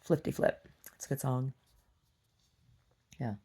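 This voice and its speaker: A woman's voice: a bass voice, steady tone, slow pace, mellow, breathy edge. A woman vlogger rambling to herself in a casual video diary.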